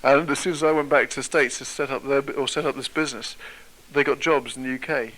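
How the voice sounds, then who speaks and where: A man's voice: mid-range voice, steady tone, quick pace, a bit bright, poor audio. A British man giving a motivational talk to an audience, telling a personal story in a conversational way and putting questions to his listeners. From Britain. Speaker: motivational speaker.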